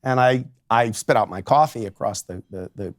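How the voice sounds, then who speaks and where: A man's voice: fairly low pitch, moderate pace, no echo. A man working as a divorce lawyer, telling a story in a chatty way full of fillers. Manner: chatty, many fillers like "like" and "you know". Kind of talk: anecdotal storytelling.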